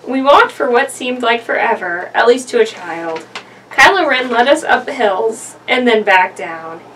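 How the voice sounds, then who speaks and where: A woman's voice: fairly high pitch, expressive, measured pace, fairly bright tone, far from the mic, a little hiss or hum, low-quality recording. A young woman reading a horror story aloud with a friend, joking between passages and breaking into giggles. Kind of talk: casual story reading with banter.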